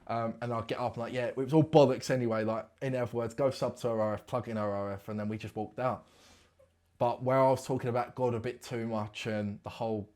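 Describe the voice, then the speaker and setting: A man's voice: mid-range voice, steady tone, fast talker, darkish tone. A man in his twenties, a guest rambling through a story with loads of British slang in casual interview chat. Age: 20s.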